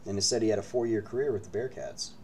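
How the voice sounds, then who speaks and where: A man's voice: on the low side, quick pace, a little mellow, a little hiss or hum. A man hosting a live card-break stream from his break room, hyping the pulls and bantering with viewers. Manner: hyped, joking banter with viewers.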